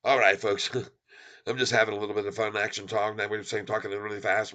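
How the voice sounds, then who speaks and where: A middle-aged man hosting a live stock market stream, calling out share counts and prices in an excited, rapid patter. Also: fairly low pitch. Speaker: stock market livestream host. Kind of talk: live stock-ticker commentary.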